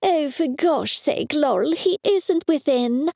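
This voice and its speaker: A woman's voice: high voice, animated, takes it slowly, creaky, warm tone, no room sound, clean studio sound, voice pushed up, exaggerated voice. A woman putting on a nagging, superstitious mother. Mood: scolding. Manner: scolding, insistent, raised voice.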